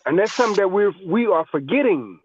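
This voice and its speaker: Man, earnest, preachy, slightly high voice, dull lo-fi call audio. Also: animated, fast talker, slightly rough. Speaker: music network guest.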